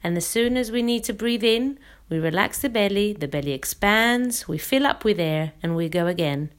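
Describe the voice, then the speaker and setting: Leading a guided breathing exercise, this woman singing teacher calmly walks through each step and models every sound herself. She speaks at a normal speed in a mid-range voice.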